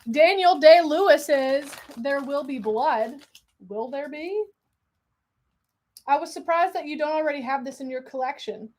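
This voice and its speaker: Excitable high-voiced woman streamer. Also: a little slow, slight background noise. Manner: excitable, exclamatory, chatty. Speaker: livestream host. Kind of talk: casual livestream chat.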